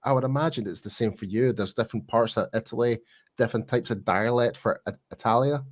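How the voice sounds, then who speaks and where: A man's voice: mid-range voice, fast talker. A man with a Glaswegian accent, a podcast guest chatting casually with many fillers and restarts. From Scotland. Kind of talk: casual chat.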